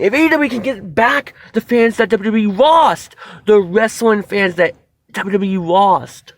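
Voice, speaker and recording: A man with a high voice gives an excited, rambling wrestling review, full of restarts and casual swearing. His voice is close and dry, with no room sound around it. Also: no room sound.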